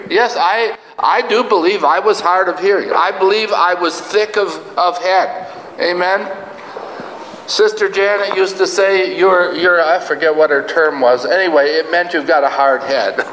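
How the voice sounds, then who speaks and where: An older man preaching a sermon, telling his own story earnestly with long pauses. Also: sits high, a bit bright, slight background noise. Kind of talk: sermon testimony. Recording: echoey hall, roomy sound.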